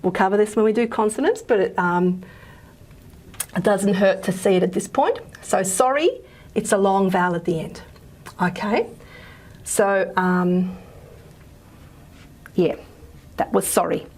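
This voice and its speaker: A woman's voice: mid-range voice, measured pace, pauses often, a little mellow. A woman with an Australian accent teaches a phonetics lecture. She talks in a loose, informal way, with plenty of fillers and self-corrections as she goes. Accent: Australian English. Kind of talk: recorded lecture.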